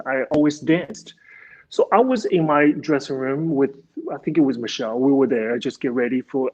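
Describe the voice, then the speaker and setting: A man's voice: medium pitch, a little mellow. Earnest man on a dull lo-fi line. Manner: earnest, halting, grateful, with restarts. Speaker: podcast host, former dancer. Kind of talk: casual interview chat. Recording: dull lo-fi sound.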